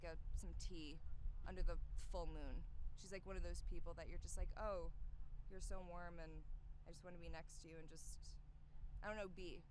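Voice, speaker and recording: A young woman, an actress, chatting in a press interview in a bubbly, gushing way that swings between loud and soft. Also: on the low side. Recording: noisy with background ambience.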